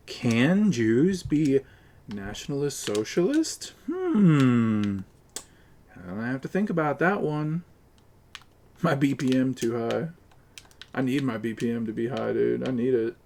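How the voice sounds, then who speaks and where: A man's voice: medium pitch, creaky, darkish tone, slight background noise. A man streaming a game live, arguing with his chat and cursing at his teammates. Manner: profane, combative ranting at chat. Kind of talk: live gaming stream commentary.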